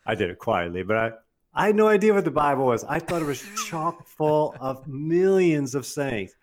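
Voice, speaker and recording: An older man telling a funny personal story in an animated, casual way, often laughing and acting out what others said. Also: medium pitch, normal speed. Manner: laughs often while telling, acts out quoted voices.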